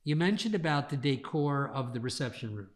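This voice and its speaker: A man's voice: medium pitch, expressive, fairly quick. A man hosting an interview podcast, enthusiastic and encouraging toward his guest. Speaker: podcast host, dentist. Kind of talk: conversational interview.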